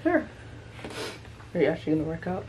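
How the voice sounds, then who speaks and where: A woman's voice: low voice, big pitch swings, dull audio, slight background noise. A young woman hosting a casual eating video at home, playful and joking. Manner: playful, joking, quick to laugh. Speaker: host. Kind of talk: casual chat. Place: home, indoors. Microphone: phone camera.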